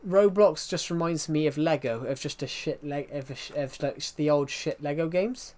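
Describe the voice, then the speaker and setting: A man's voice: a little high, normal speed, a little mellow. A man chatting casually while streaming a game, rambling and answering viewers' questions as he plays. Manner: rambling, restarts sentences, answers chat questions. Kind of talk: casual live-stream chat while playing.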